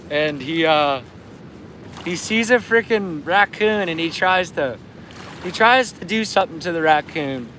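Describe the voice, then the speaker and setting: A man's voice: a little high, fairly bright tone, slight background noise. A Canadian man chatting casually on a live stream while fishing outdoors. He laughs often and tells anecdotes. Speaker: livestream host.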